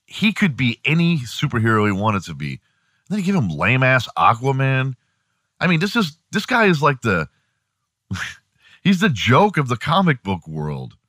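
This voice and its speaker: A man's voice: medium pitch, fairly bright tone, no echo, studio quality. A man hosting a morning show, delivering a profane, sarcastic comedic rant.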